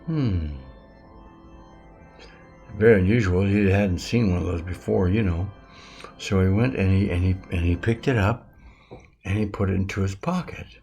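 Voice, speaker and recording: Brief: seventy-something man, very deep and gravelly, meandering teacher. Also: mellow, soft background music. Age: 70s. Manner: halting, rambling, self-correcting. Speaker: self-styled metaphysics teacher. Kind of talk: casual rambling spiritual lesson.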